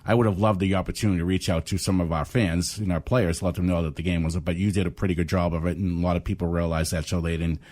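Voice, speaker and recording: A man's voice: low voice, steady tone, fast, few pauses, a little mellow. An older man with a Boston accent, a trivia host chatting as a guest on a radio talk show in a rambling, self-deprecating way. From South Boston. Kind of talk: casual radio interview.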